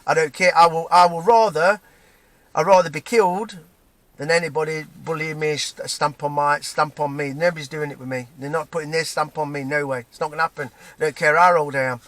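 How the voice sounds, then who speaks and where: A man with a broad Nottingham accent vents in a heated, profane rant, his voice sitting a little high for a man. He stumbles, restarts and keeps checking in with "right?". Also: steady tone, fairly quick, fairly bright tone, no echo. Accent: Nottingham English. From England, Nottingham. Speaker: vlogger. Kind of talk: angry personal rant to camera.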